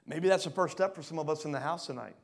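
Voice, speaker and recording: A pastor preaching a sermon, swinging between loud rising bursts and quiet low drops. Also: male voice, fast, vocal fry. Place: church hall.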